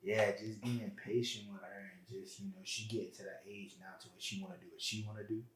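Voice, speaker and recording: Deep, flat-voiced man in a roomy echo. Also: a little fast. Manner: earnest, heartfelt storytelling. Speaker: podcast guest. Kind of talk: casual interview chat. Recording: roomy, echoey room.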